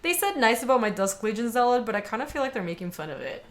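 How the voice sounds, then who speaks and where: A woman's voice: fairly high pitch, very animated, fast. A young woman giving casual commentary on a card game, chatting with viewers as she plays. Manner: chatty, talks to viewers and chat while playing. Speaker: streamer playing a card game.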